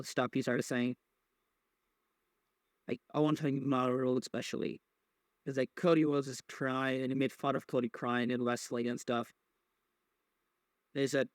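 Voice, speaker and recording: A podcast host chats casually about wrestling in a middle-pitched, level voice, wandering through his points and dropping curse words. He stumbles, restarts sentences, and leans on filler words, speaking at a moderate pace with long pauses. The audio is dry and close, with no room sound.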